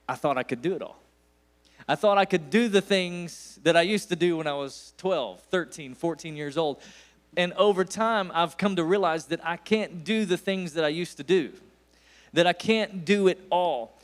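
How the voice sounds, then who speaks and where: A man's voice: high-pitched, moderate pace. Guest preacher, man in his forties, East Tennessee accent, storytelling sermon with emphatic peaks. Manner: folksy storytelling, rising to emphatic bursts. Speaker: guest pastor.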